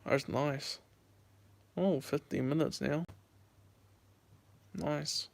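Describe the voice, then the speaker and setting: An American YouTuber in his late teens livestreams from a handheld phone in a gravelly, high-leaning voice. His tone stays steady and his pace is extremely slow as he rambles casually and repeats himself answering chat.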